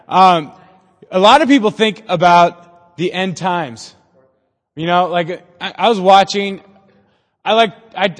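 A man's voice: fairly high pitch, in a large hall. A young man preaching a casual, jokey sermon to a youth group, chatting and quizzing his listeners as he goes.

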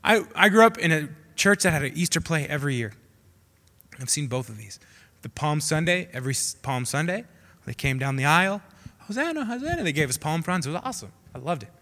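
Young man, casual preacher, bright high voice, long hall echo, hushed-to-shouting delivery. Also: expressive, brisk. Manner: swings from hushed to shouting prayers; acts out quoted voices, casual slang. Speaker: youth preacher. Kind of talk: sermon.

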